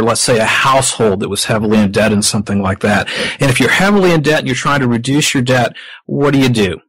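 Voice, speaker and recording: Husky man explaining finance. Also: mid-range voice, fairly bright tone, no room sound, rough recording. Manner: measured, poses rhetorical questions to the host. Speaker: podcast guest. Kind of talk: explanatory interview talk.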